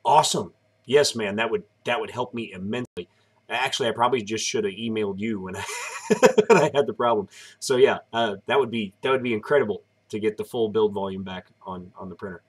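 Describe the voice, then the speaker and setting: Guy in his 30s live streaming, tired and yawny, rambly, kinda low voice. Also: a little fast, breathy edge. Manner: relaxed, rambling, explains step by step. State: tired, yawning. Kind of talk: casual live-stream chat.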